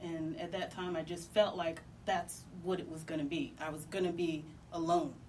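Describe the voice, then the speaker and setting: Halting woman telling a personal story. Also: fairly low pitch, flat delivery, darkish tone. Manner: halting, emotional, many restarts and pauses. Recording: distant mic with faint background noise.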